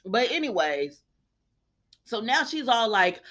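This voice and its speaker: A young adult woman hosting a casual soap opera recap, talking in a sassy, animated way and acting out the characters' lines. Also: on the high side, a little slow, long pauses.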